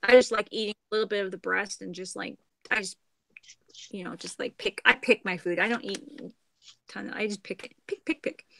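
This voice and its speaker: A middle-aged woman from Canada chats on a livestream, wandering from thought to thought and letting her sentences trail off. Her voice sits at an ordinary pitch, and the sound is dry and close. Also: fairly even intonation, fairly quick, creaky, bright, forceful tone, no room sound. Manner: chatty, meandering, trails off into murmurs. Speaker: craft livestream host. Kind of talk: casual chat on a livestream.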